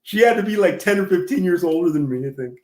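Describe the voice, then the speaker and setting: A man's voice: sits high, lively intonation, quick pace, reverberant. A man hosting casual commentary, rambling and self-deprecating, laughing often as he tells stories. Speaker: commentary channel host.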